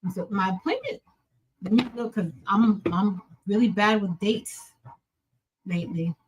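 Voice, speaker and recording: A woman hosts a casual live stream, greeting viewers one by one by name. She chats about her week in a relaxed, conversational way and tells little stories with animated energy. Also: mid-range voice, a little slow, a little hiss or hum, rough recording. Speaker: livestream host.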